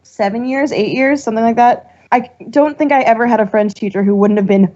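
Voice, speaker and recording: A higher-pitched woman rambles excitedly and laughs often in casual podcast chat. The sound is dull and lo-fi, like a modest home podcast setup. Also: brisk. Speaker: podcast co-host.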